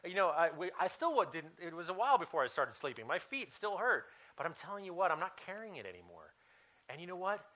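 The recording is low quality, and the pastor, a man in his thirties, speaks in a high, sing-song voice that is quick, bright and forceful. His sermon unfolds as a personal story told conversationally, with many fillers and restarts.

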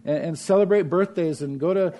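A man preaching a sermon in a church, emphatic and repeating phrases, swinging between loud and soft delivery. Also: a little high, a little fast. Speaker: pastor.

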